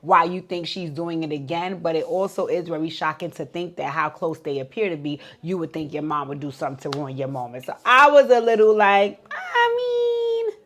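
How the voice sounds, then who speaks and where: A woman's voice: fairly low pitch, lively intonation, normal speed, few pauses, fairly bright tone. A woman giving a casual, profane recap of a reality show episode, acting out what the cast said in voices. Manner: chatty, profane, acts out quotes in voices.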